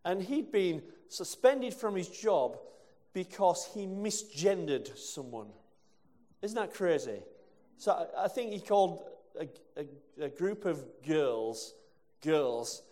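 A man's voice: on the high side, lively intonation, measured pace, dark tone. Man preaching in a reverberant hall. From England. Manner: conversational, with asides and rhetorical questions. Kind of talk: sermon.

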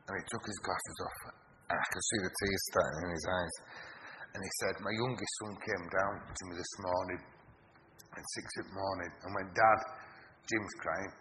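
Preacher guy telling stories, gets loud then goes all quiet, sounds like a big church hall. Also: low voice, fairly even intonation, normal speed. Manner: storytelling, swings from loud urgency to hushed tones. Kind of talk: sermon. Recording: long hall reverb with background noise.

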